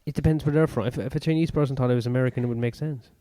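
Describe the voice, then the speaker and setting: A man from Ireland co-hosting a comedy podcast, teasing and deadpan in provocative banter. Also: mid-range voice, very fast, no room sound. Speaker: podcast co-host.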